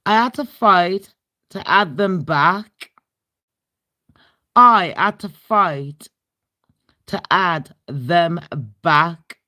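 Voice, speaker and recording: Speaking in a lowish, slightly bright voice, a livestream host from Britain shares a casual storytime chat. She's blunt, swears a lot, and drops in laughing asides.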